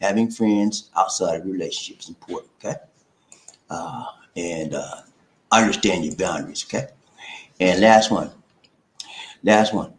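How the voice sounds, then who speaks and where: A man's voice: sits low, measured pace, long pauses, slight background noise. A man, hosting a relationship advice livestream, preachy and playful, with rhyming chants and a repeated "okay?" after each point. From South Carolina. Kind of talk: casual livestream talk. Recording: echoey room.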